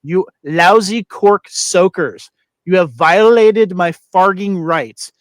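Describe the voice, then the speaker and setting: A blustering mobster makes a mock-pompous speech to a court, tripping over his own words, as a host puts him on. The delivery is loud and dry. It sounds close to the microphone. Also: medium pitch, no echo, close to an everyday voice, poor audio.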